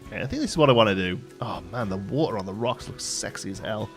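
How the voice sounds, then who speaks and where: A man's voice: on the low side, lively intonation, fast, soft background music. Chatty man streaming a game. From England, Staffordshire. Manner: rambling, chatty, many fillers and restarts. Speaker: live streamer. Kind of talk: casual chat while gaming, reading chat aloud.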